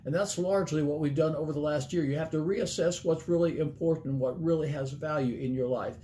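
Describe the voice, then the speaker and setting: A man's voice: fairly high pitch, fairly quick, mellow, a little hiss or hum. A middle-aged man preaching a sermon as a pastor, earnest and plain-spoken, laying out numbered points and folksy stories.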